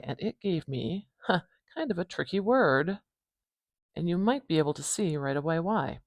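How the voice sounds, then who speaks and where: A chatty woman with an Atlantic Canadian accent hosts a channel teaching phonetics, writing as she talks in a casual tutorial. She demonstrates sounds slowly and repeats them in an expressive, lowish voice. The studio recording is clean, with no echo.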